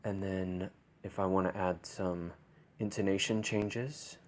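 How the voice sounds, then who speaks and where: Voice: low voice, steady tone, slow, slight background noise. A young adult voice coach walking through a vocal technique demonstration, changing the voice from step to step. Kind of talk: instructional demonstration.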